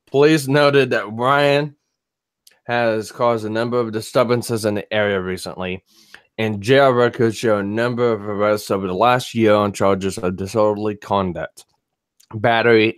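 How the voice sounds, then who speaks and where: Low smooth man reading news aloud. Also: no echo, clean studio sound. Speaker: co-host reading a news story. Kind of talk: reading aloud in casual chat.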